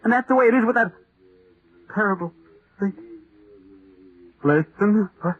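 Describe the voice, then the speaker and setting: A man's voice: high voice, animated, unhurried. An actor in 1940s radio acting, playing a terrified man haunted by a horror only he sees, rising into hysterical screaming. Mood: uneasy. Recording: muffled old radio transcription.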